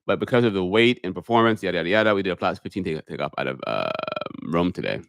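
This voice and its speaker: A middle-aged man with a low, easygoing voice chats on a live stream, reading questions aloud and answering them at length. The sound is dry and close, with no room around it. His manner is loose and conversational. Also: animated, fast talker, creaky, a bit bright, no echo. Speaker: airline pilot hosting a live stream. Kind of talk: casual live-stream chat reading viewer comments.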